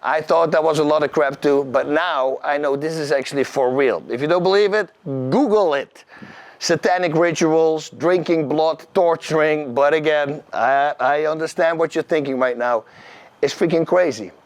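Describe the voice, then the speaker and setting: A middle-aged man with a Dutch accent, telling his personal story to camera in an animated, emphatic, slangy way. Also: a little high, moderate pace, no echo. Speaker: host.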